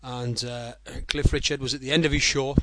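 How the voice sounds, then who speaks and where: A man's voice: medium pitch, little pitch movement, normal speed, noisy background. A man hosting a casual football podcast, telling jokes and stories in a rambling way. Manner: rambling, jokey storyteller. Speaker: podcast host.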